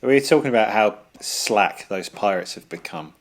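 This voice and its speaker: A man's voice: lowish voice, lively intonation, moderate pace. A man co-hosting a podcast, trading jokes in casual chat and laughing often. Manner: jokey banter, laughs often. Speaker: podcast co-host.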